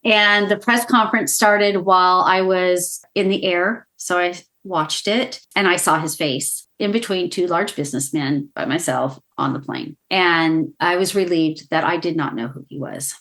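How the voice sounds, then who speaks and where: As a podcast guest, a woman in her sixties tells a painful personal story with tearful emotion. Her voice is somewhat low with a fairly bright tone, and her speech is halting, full of restarts and stutters.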